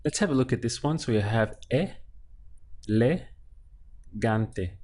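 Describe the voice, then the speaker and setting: A husky, darkish male voice of medium pitch talks fast with lively intonation. He's giving a slow, clear language lesson, patiently breaking words into syllables and repeating them.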